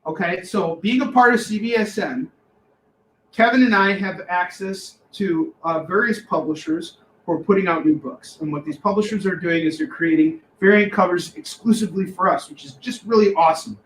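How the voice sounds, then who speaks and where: High-voiced, hyped man pitching comic deals. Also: normal speed, reverberant, a little hiss or hum, low-quality recording. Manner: excitable, loud, shouts catchphrases. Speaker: co-host of a live comic shop sales show. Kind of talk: hyped live sales pitch.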